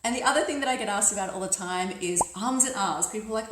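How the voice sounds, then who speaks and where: A woman's voice: medium pitch, fast, echoey room, background noise. A woman, giving an upbeat, emphatic coaching lesson on speaking with confidence at work. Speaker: career coach. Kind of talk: instructional talk to camera.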